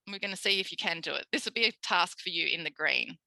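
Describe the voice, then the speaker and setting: An Australian woman, a speech pathologist, giving a recorded tutorial lecture in a lively way, acting out quoted voices. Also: lowish voice, fast, gravelly, no echo, rough recording. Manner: animated, acts out quoted voices.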